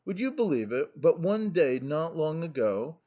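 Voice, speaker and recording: Man doing talkative princess, middle-aged, vivacious, insistent, slightly high voice, muffled sound. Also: sing-song, unhurried, dark tone. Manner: eloquent, insistent. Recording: muffled lo-fi recording.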